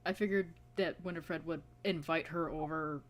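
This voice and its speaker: Relaxed woman player, lower pitch, casual and profane. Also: normal speed, slight background noise. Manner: laid-back, swears casually. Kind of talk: casual tabletop play.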